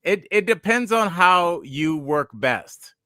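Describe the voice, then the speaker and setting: A man in his forties, a podcast host and stand-up comedian, chats casually and tells rambling, digressive stories. His voice sits high, slow, pushed and bright, with lively intonation, in a dry, clean studio recording.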